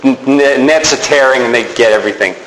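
A man's voice: mid-range voice, quick pace, roomy sound, a little hiss or hum, poor audio. A man preaching a sermon, telling stories with energy and acting out the people in them. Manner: animated storytelling, acts out the people in his stories.

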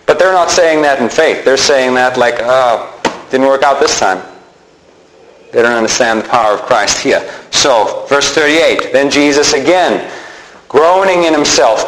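A man's voice: mid-range voice, fairly bright tone. A man preaching a sermon, reading scripture aloud and acting out the mourners' words. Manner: reads scripture aloud and acts out the mourners' lines. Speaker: pastor. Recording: echoey room with faint noise.

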